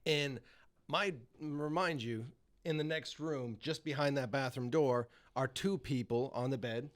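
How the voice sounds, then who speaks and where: A man's voice: medium pitch, unhurried. A young man, a podcast guest, telling a story casually and animatedly, swearing and laughing as he goes.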